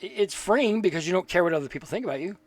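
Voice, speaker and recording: A man's voice: high voice, expressive, rapid-fire, no room sound. Rambling, earnest man with a raised voice. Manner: rambling, repeats words, thinks aloud; earnest and reflective. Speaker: spiritual teacher. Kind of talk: casual spiritual talk.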